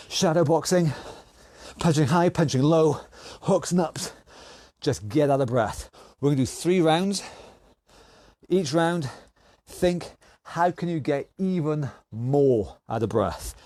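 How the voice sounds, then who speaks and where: A fitness instructor from the United Kingdom leads an online workout class, counting down and calling out moves while he exercises along. His voice is fairly high and a little mellow, in a dry recording.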